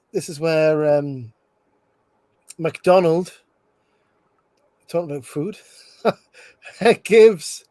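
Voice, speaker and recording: Man, high voice, dry close sound, casual film commentary, rambling, laughing. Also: a little mellow, dry recording. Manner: rambling, laughs often, restarts. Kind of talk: casual movie commentary chat.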